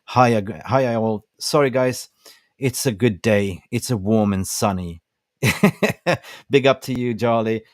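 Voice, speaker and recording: An older man with a lowish voice hosts his own fan livestream, ranting with fired-up conviction and rallying his viewers like family. The sound is dry and close, with no room around it. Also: takes it slowly, dry recording. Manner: impassioned, preachy, rallying. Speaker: fan channel host. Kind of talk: passionate livestream rant.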